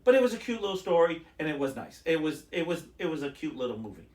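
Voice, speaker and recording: A man's voice: fairly high pitch, sing-song, quick pace, a little mellow, reverberant. A man co-hosting a podcast, telling stories in casual chat and acting out the lines of the people in them. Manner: rambling storyteller, acts out quotes. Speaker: podcast co-host.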